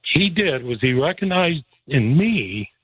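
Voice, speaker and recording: A man's voice: a little high, very animated, a little slow, breathy edge, no echo. A man telling a childhood story in a folksy, casual way, chuckling as he talks and growing emotional at times. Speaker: guest telling a life story. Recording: dry, phone-like audio.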